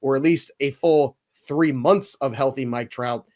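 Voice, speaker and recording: A man hosting a casual sports podcast, animated and given to mock outrage. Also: medium pitch, measured pace. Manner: animated, mock-outraged when picks are taken. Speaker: podcast host running a mock draft.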